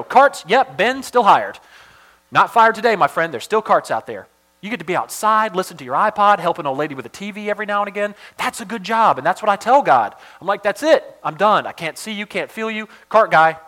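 Bright, animated male preacher. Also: a little high. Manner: animated, swings from loud emphasis to hushed asides. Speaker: pastor. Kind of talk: sermon.

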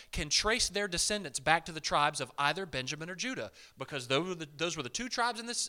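Man, preacher, lively conversational sermon, fairly high voice, bright and forceful tone, animated pitch. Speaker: pastor.

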